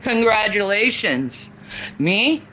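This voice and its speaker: Woman, slow and bright-toned, profane heated rant. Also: medium pitch, very animated. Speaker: streamer in a played clip. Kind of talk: angry political rant.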